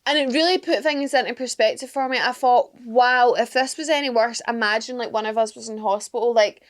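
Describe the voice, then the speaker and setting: Laughing young woman, high voice. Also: a little fast. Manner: laughs often while telling a story. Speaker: podcast co-host. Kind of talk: casual chat.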